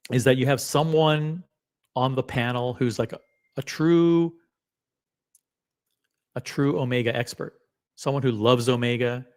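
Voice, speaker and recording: A middle-aged man hosting a live stream in a casual, rambling way. He gets excited, swears now and then and fills his talk with ums and uhs. His pitch sits in the middle of the male range. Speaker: host.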